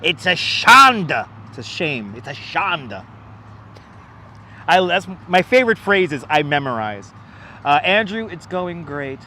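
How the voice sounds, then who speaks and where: Higher-voiced new guy livestreaming on a walk, clip mic, faint traffic hum behind. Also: very animated, a little slow, long pauses, a bit bright. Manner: chatty, thanks viewers, jokey asides. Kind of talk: casual live vlog chat. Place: city streets outdoors. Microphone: wireless clip-on mic. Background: traffic and city ambience.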